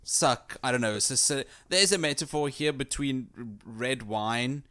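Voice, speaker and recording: A man's voice: mid-range voice, normal speed, clean tone. A man co-hosting a podcast in casual chat, joking and laughing often. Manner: animated, laughing, jokey. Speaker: podcast co-host.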